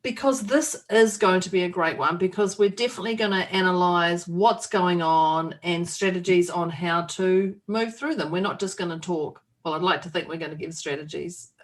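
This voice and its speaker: A woman's voice: lowish voice, moderate pace, few pauses. A woman co-hosting a podcast in casual chat, playful and laughing often, with a snorting laugh. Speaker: podcast co-host.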